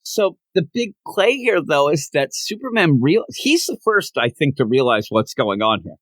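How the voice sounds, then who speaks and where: A man with a somewhat high voice co-hosts a comic book podcast, casually retelling scenes. He animatedly performs the characters' lines in quick voices. The recording sounds dry.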